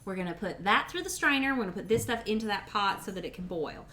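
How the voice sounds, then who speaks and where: During a relaxed cooking livestream from her home kitchen, a woman talks to chat in a fast, bright, forceful medium-pitched voice with lively intonation. Pots, pans and dishes clatter, and a little hiss or hum can be heard.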